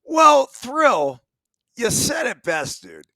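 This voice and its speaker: A man's voice: very high voice, sing-song, slow pace, pushed and bright, dry recording, rough recording. A middle-aged man and former ballplayer co-hosting a sports talk show, ranting emphatically and swearing a lot. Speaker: podcast co-host, former ballplayer.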